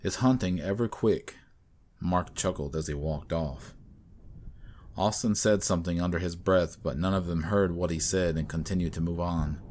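A man narrating a scripted horror story in a measured, even storytelling manner. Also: low voice, a little hiss or hum.

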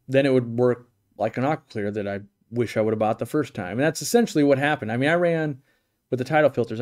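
With a mid-range, somewhat dark voice, a middle-aged man runs a live stream and answers viewers' questions. The chat is casual and loose: he's blunt and opinionated, rambles, and keeps restarting his sentences.

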